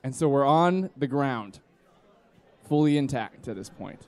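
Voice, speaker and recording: A man's voice: mid-range voice, lively intonation, unhurried. A man in his twenties telling a drunken story on stage, rambling and acting out his friends' voices. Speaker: storyteller at a live comedy podcast. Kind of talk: live comedic storytelling. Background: live audience laughter.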